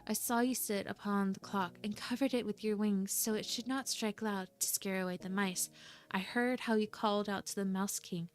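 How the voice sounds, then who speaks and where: A woman's voice: mid-range voice, steady tone, moderate pace, close to an everyday voice. Woman voicing a reproachful little girl. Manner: reproachful, pleading. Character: upset young girl scolding her godfather.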